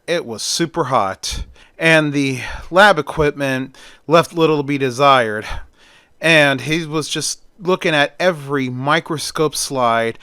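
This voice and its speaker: Guy retelling a movie story, bright clear voice, dry close mic. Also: mid-range voice, no echo. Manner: plain, conversational, repeats "and then". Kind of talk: casual spoken retelling of a film.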